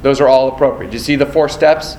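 A man's voice: mid-range voice, steady tone, quick pace, darkish tone, roomy sound, a little hiss or hum, low-quality recording. A man teaching a nursing exam prep class, quizzing students and acting out exam scenarios. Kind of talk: classroom lecture.

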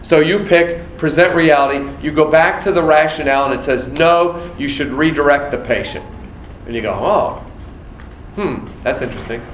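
A man's voice: fairly high pitch, moderate pace, a little hiss or hum. Echoey lecturing man, quizzing students. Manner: quizzing students, acting out exam scenarios. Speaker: nursing exam instructor. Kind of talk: classroom lecture.

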